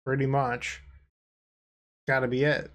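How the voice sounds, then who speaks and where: A man's voice: mid-range voice, little pitch movement, takes it slowly, a bit bright. A tired man co-hosting and commentating a card game he is playing, making dry sarcastic jokes in a casual chat. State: tired, yawning.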